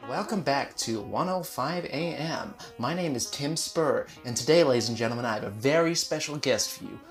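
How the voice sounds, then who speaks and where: A performer playing a fawning, excitable male talk-show host in an improvised comedy sketch. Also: mid-range voice, normal speed, close to an everyday voice. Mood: gushing. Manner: fawning, over-the-top. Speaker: interviewer. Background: faint sitar music.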